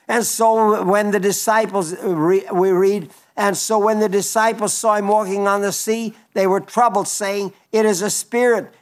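High-voiced man preaching a sermon. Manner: earnest, reads scripture aloud then explains it with frequent restarts. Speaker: pastor.

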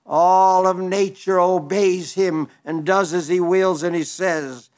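A man's voice: high voice, steady tone, slow, a little mellow. A man, a pastor, preaching a sermon, reading scripture aloud and explaining it in an earnest way with frequent restarts.

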